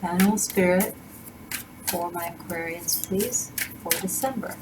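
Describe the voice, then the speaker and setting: A woman's voice: on the low side, a little slow, heavy background noise. A woman doing a tarot reading to camera, talking in a gushing, rambling way with many restarts. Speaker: tarot reader. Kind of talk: casual spiritual reading to camera.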